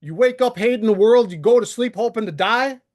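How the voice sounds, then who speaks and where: A man's voice: high-pitched, brisk, a little mellow. A male livestream host delivering an exasperated, profane, confrontational rant straight to the camera. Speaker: channel host. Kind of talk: ranting livestream monologue.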